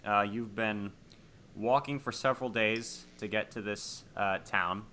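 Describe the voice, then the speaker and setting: Man, game master, lowish pitch, sharp bright tone, relaxed narration of a horror game. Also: unhurried, slight background noise. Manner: relaxed, conversational.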